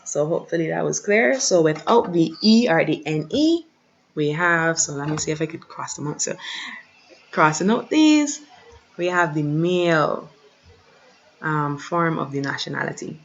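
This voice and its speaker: Lady teaching french online, low voice, muffled lo-fi mic. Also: lively intonation, creaky, a little hiss or hum. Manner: patient, repeats words slowly for pronunciation. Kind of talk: online lesson over shared slides.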